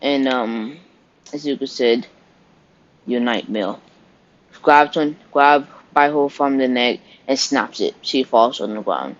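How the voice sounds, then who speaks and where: A man's voice: mid-range voice, unhurried. A man narrating an improvised fan story in a loose, rambling way. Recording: dull lo-fi recording.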